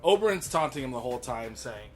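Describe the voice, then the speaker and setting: A man's voice: medium pitch, very animated, fast, faint music behind. A young man co-hosting a casual podcast, ranting and swearing hotly as he recaps a TV episode. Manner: heated, profane, ranting. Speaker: podcast co-host.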